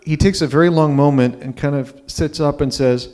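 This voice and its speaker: A man's voice: a little high, normal speed, darkish tone. A man in his fifties telling a personal story live on stage, conversational and checking in with the audience. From Ontario, Canada.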